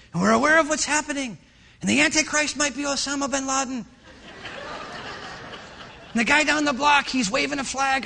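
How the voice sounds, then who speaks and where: A middle-aged male pastor preaching a sermon, telling stories and acting out voices in an animated way. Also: very high voice, gravelly, slight background noise. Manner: animated storytelling with acted-out voices.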